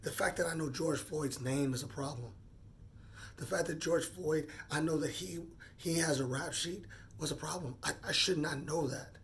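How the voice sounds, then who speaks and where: A man in his forties speaking off the cuff in a personal monologue, earnest and halting, often repeating words as he gathers his thoughts. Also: a little high, a bit bright, slight background noise. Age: 40s. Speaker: vlogger.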